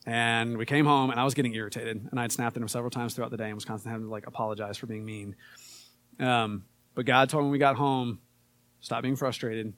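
A man's voice: mid-range voice, fast talker, no echo. Conversational male preacher, dry sound. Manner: conversational, relaxed, with frequent fillers. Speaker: pastor. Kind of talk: casual sermon.

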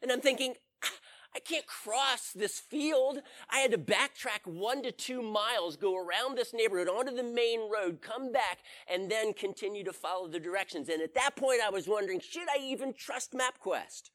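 A man's voice: sits high, fairly quick, hardly any pauses, a bit bright. A man giving a conversational sermon as a preacher, telling stories and putting questions to his audience. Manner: storytelling, asks the audience questions.

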